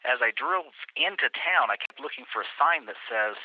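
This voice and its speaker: A man's voice: mid-range voice, moderate pace, no echo. Man telling a story over a tinny phone line. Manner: animated storyteller, acts out quotes. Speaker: guest traveler. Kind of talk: casual storytelling interview.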